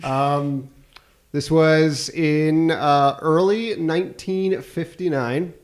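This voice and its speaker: A man's voice: on the high side, fairly even intonation, drawn-out words. Joking man telling history on a podcast. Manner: jokey, rambling, laughs mid-sentence. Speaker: podcast co-host, history presenter. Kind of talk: comedic podcast chat and storytelling.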